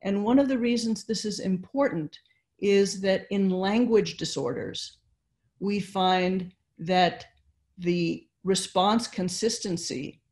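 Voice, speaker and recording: An older woman lectures over a webinar, speaking slowly and deliberately. She explains each point step by step, with pauses and fillers along the way. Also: mid-range voice, a little mellow. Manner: slow, explanatory, with fillers and restarts. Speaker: neuroscience lecturer. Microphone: computer mic on video call.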